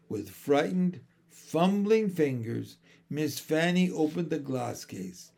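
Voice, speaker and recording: A man reading a children's storybook aloud as narrator, in an expressive, unhurried way. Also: mid-range voice, gravelly. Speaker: audiobook narrator.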